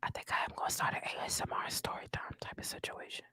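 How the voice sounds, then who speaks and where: A female channel host delivers news commentary in a husky whisper, talking fast, animated and profane, and repeating herself for emphasis. There is no echo on the recording.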